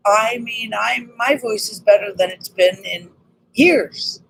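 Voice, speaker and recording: A woman with a slightly raspy voice talks excitedly and earnestly in a casual personal vlog about healing. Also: mid-range voice, takes it slowly, slight background noise, low-quality recording. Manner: earnest, excited, spiritual self-help talk. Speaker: vlogger.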